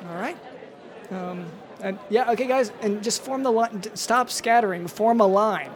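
A man's voice: high-pitched, moderate pace, a crowd in the background. A man performing an improvised comedy scene, hesitant and stammering with lots of awkward fillers.

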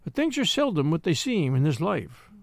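A man's voice: fairly high pitch, big pitch swings, normal speed, creaky, no echo. Man doing a very old gossipy spinster, lifted voice, swooping, blunt. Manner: triumphant, blunt and doubtful by turns.

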